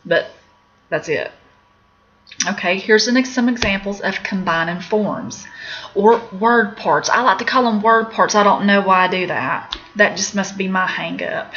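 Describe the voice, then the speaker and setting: With a fairly bright, mid-range voice and an unhurried delivery, a middle-aged woman from Appalachian United States teaches a casual recorded lesson on medical terms. She's candid and chatty as a medical office instructor and laughs at her own jokes. Faint background noise sits under a slightly dull lo-fi recording.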